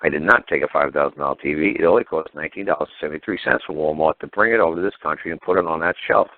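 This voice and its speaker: A man's voice: very deep voice, rapid-fire, no room sound. A man on a talk show telling a story in a blunt, profane, fired-up way over the phone. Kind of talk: casual call-in radio chat. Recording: tinny phone line.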